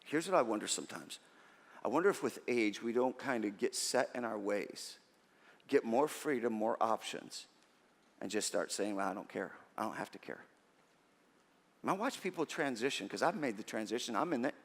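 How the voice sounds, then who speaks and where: A middle-aged man preaching a sermon as pastor, conversational and animated, with self-deprecating stories. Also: medium pitch, normal speed, gravelly. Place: large church auditorium. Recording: long reverb of a church hall.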